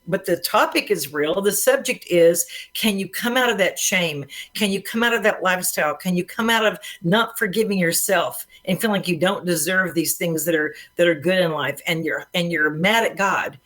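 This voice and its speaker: Earnest low-voiced woman co-host. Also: normal speed, hardly any pauses, a bit bright. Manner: emphatic, earnest, rhetorical questions. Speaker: co-host and film reviewer. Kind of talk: casual faith-based film discussion.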